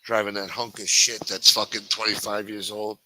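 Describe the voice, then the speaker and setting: Man, livestream host, profane rant, sneering, forceful tone, lowish voice. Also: flat delivery, normal speed, slight background noise, poor audio. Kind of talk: profane ranting commentary.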